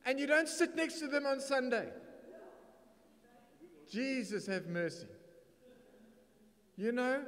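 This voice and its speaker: Emphatic South African male preacher. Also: high-pitched. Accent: South African English. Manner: emphatic preaching with rising bursts and Afrikaans asides. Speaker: pastor. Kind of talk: sermon. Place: church hall. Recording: reverberant church hall.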